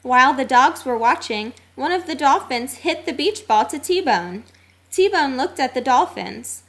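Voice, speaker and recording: A woman reading a children's storybook aloud, expressive and sing-song. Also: high voice, unhurried. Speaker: narrator.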